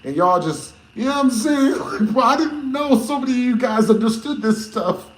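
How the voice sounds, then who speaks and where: A man streaming games who tells a story to his chat in a lively, slangy way, laughing often and swearing. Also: very high-pitched, moderate pace. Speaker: gaming streamer. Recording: echoey room with faint noise.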